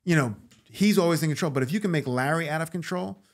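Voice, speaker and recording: A man guest on a podcast, telling stories in a casual, animated way, acting out the voices of the people in them. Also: on the high side, fast talker. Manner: animated, acts out voices in anecdotes. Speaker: guest actor. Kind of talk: casual storytelling interview.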